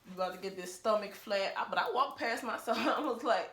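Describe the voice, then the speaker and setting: A woman's voice: mid-range voice, a little fast, a bit bright. A woman talking to her phone camera at home in a casual vlog, blunt, profane and emphatic, laughing often. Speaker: vlogger.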